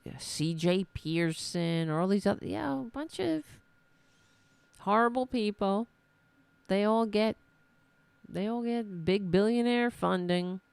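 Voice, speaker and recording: A woman's voice: lowish voice, gravelly, darkish tone, smooth, dry recording. A woman from New York with a New York accent, hosting a solo political podcast and ranting in a frustrated, self-deprecating way. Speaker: podcast host.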